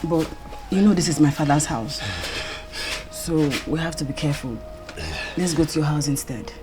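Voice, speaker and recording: A woman's voice: deep voice, moderate pace, over music, natural voice. A woman with a Nigerian English accent acting in a film drama, speaking in a cool, firm way.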